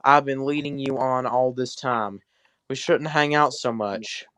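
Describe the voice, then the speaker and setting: A man's voice: mid-range voice, steady tone, unhurried, a bit bright, clear, resonant tone, no room sound, lightly acted. A man voicing a tearful, lovesick male wrestler in a pleading, emotional way.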